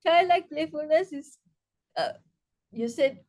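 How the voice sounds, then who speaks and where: A woman with a high voice leads an online laughter yoga workshop. She talks slowly, stumbling through restarts and fillers, then breaks into loud rhythmic ha-ha exercises. She is heard over a video call. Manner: hesitant, halting with many restarts and fillers. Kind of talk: online interactive workshop talk.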